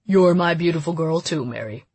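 A calm middle-aged father, read by a woman narrator in an audiobook, speaking softly and steadily with a reassuring, measured manner. The voice sits fairly low and sounds close and dry. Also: slightly rough, no room sound, exaggerated voice. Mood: gentle. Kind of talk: audiobook character voice.

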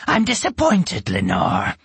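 A man voicing a menacing ancient witch woman who speaks slowly and coldly. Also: wildly swooping pitch, gravelly, a bit bright, husky, dry recording, heavily acted. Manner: slow, low and cold.

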